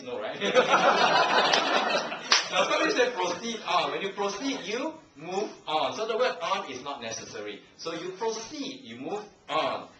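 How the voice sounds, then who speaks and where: Delivering a humorous language evaluation at a club meeting, a Singaporean man teases playfully in Singaporean English and laughs a lot, his pitch fairly high. The audio comes from a handheld camcorder placed far off in an echoey, noisy meeting room with a live audience.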